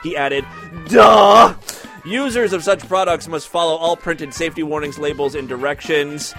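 A man's voice: on the high side, brisk, over music. A man reading odd news stories aloud with sarcastic comedic commentary and exaggerated delivery.

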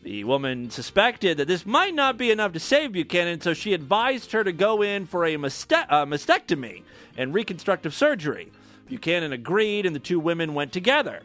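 A man's voice: a little high, sing-song, fairly quick, fairly bright tone, soft background music. A man hosting a podcast, giving casual news commentary with irreverent, crude jokes and frequent laughs. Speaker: podcast host.

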